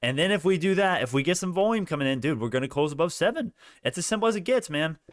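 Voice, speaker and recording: A young man hosting a stock market livestream, talking straight to his chat viewers with lots of restarts and growing excitement. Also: on the high side, fast talker, no room sound, studio quality. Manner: animated, talks to chat viewers, many restarts, rising excitement. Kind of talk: excited live market commentary.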